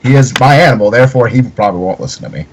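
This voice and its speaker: Brief: man, mid-pitched voice, tabletop player, dry and wry. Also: animated, racing, creaky, background noise. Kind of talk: casual tabletop game chat.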